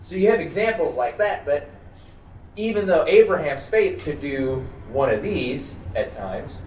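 A man's voice: fairly high pitch, expressive, measured pace, a little mellow. Man leading a Bible study in a roomy hall. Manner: thinks aloud with many fillers and restarts. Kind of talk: conversational teaching. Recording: roomy, distant mic, faint background noise.

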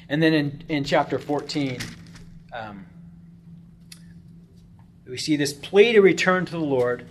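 Male Bible teacher, slightly high voice, animated, loud-then-quiet delivery, keeps asking "right?"; faint background noise. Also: slow, long pauses. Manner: animated, often checks in with "right?"; swings between loud emphasis and quiet asides.

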